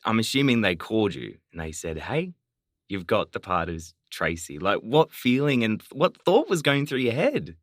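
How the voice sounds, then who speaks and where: Sex: man. Role: podcast host. Intonation: very lively. Sound: dry, close. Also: fairly low pitch, normal speed, no room sound. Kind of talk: casual interview chat.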